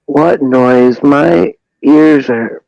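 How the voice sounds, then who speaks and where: A man's voice: a little high, extremely slow, vocal fry, dry recording. A man joining a casual livestream chat, giving short agreeing replies. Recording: dull, muffled, dry line.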